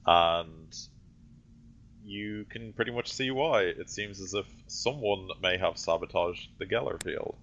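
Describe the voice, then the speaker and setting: A man with a very low voice narrates a tabletop game as game master. He meanders through the scene with frequent fillers and restarts. The voice-chat audio is dull and lo-fi, with a faint hiss. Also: measured pace, a bit bright. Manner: rambling description full of fillers and self-corrections.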